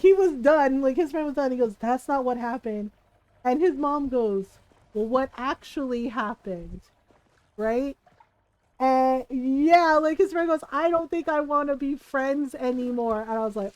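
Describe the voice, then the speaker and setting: A woman streamer recounts a childhood story in relaxed, chatty fashion, sprinkling her lines with "right?" and bursts of laughter. Her voice sits high and bright-toned, and the sound is close and dry with no room around it. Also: no echo, poor audio. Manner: animated, frequent "right?" and laughter. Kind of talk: casual storytelling while gaming.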